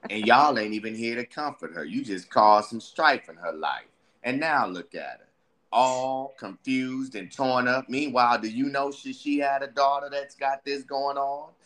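Male storyteller, animated, keeps slipping into character voices. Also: medium pitch, normal speed. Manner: animated, acts out voices of himself and friends. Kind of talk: casual storytelling chat.

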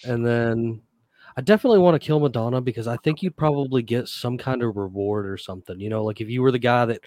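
A man's voice: medium pitch, quick pace, a little mellow, no room sound. A man on a podcast, rambling hesitantly, with lots of "like" and "you know". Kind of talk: casual chat.

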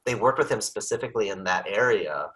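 A man talking as a podcast guest, animated, acting out little scenes with sudden bursts. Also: on the low side, quick pace, husky, low-quality recording. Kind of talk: podcast conversation.

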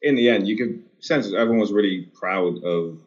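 A man speaking on a podcast in a measured, reflective way and hedging his points. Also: fairly low pitch. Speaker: film co-producer and podcast guest. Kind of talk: casual podcast chat. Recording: dull lo-fi sound.

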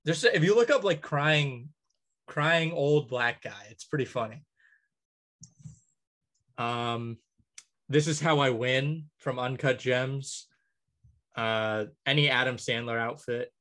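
A man in casual podcast chat, working through a long list out loud. He fills the gaps with ums and uhs and laughs lightly at his own picks. His voice sits at an ordinary middle pitch. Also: slow pace, pauses often. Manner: rambling list with many ums, chuckling. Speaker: podcast co-host.

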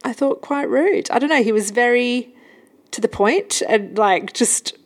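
A woman's voice: a little high, measured pace. A woman hosting her own podcast, telling stories in a casual, chatty way and laughing often. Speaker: podcast host. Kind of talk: casual solo podcast chat.

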